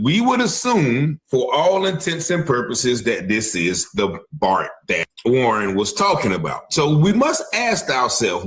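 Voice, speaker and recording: Man, mid-pitched, hosting true-crime commentary; emphatic, keeps hedging, picks apart clips. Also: fairly bright tone. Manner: emphatic, repeats "allegedly", stops to replay clips. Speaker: commentary channel host.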